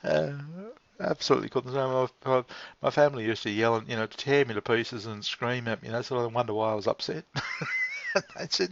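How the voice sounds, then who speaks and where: Gravelly Australian man, rambling. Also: medium pitch, huge pitch swings, a little fast, a little hiss or hum. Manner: laughs often, swears, meandering with restarts. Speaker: vlog host. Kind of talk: rambling casual chat. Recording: dull lo-fi recording.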